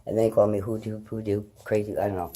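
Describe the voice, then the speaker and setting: A middle-aged woman vlogging, telling rambling personal stories in a blunt, profane manner that swings between loud and hushed. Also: a bass voice, fairly even intonation, quick pace, slight background noise.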